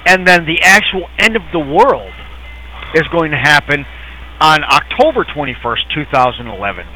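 A man's voice: a little high, expressive, moderate pace, pushed and bright, faint music behind, poor audio. A middle-aged man co-hosting a casual chat, rambling and sarcastic, chuckling as he tells stories. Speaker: podcast co-host.

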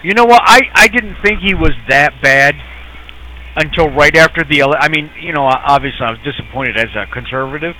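Bright-voiced rambling man telling stories. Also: fairly high pitch, brisk, a little hiss or hum, rough recording. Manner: rambling storyteller, chuckling and sarcastic. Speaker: podcast co-host. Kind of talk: casual chat.

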